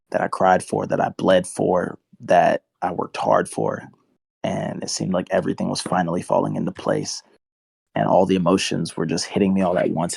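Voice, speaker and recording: A man's voice: sits low, vocal fry, darkish tone, breathy edge, dry recording. A man in his twenties, a football player and interview guest, telling his story in an earnest, emotional way. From United States. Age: 20s.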